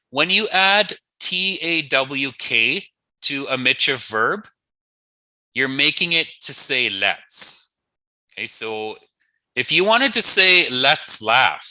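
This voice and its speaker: Guy teaching a language class online, slow and patient, says every word twice, bright voice, lots of ups and downs. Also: mid-range voice, big pitch swings, no echo, low-quality recording. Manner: patient, repeats each word twice, playful asides.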